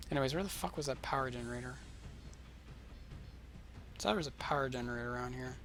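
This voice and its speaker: A man's voice: medium pitch, fairly even intonation, normal speed, long pauses, a bit bright, faint music behind. A young man streaming a strategy game, talking casually with sarcastic, profane asides. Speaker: gaming streamer. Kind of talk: casual gameplay commentary.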